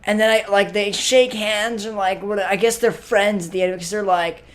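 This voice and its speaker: A man's voice: high voice, fairly even intonation, moderate pace, close to an everyday voice. An actor playing a clueless, spaced-out young stoner who hosts a comic web show. He drawls through a filler-heavy monologue and keeps tacking "man" onto his phrases. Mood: laid-back. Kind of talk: comedy sketch monologue.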